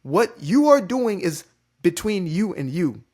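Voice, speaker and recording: Male content creator, slightly high-pitched, loose and playful, pep talk straight to camera. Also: measured pace. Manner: animated, joking, swears casually. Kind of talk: unscripted motivational monologue. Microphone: facing a ring light on camera.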